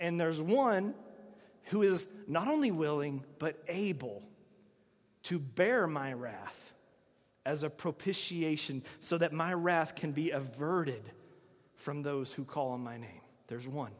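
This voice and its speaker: A man preaching a sermon, earnest and emphatic, moving between loud stresses and hushed lines. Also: a little high, lively intonation, slow, long reverb tail. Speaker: pastor.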